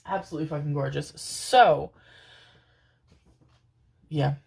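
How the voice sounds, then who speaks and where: A woman's voice: deep voice, slow, gravelly, a little mellow, husky. A woman giving a pick-a-card tarot reading, affectionate and rambling, with casual swearing. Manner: affectionate, calls listeners "my loves", casual swearing; rambling, many fillers and restarts. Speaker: tarot reader.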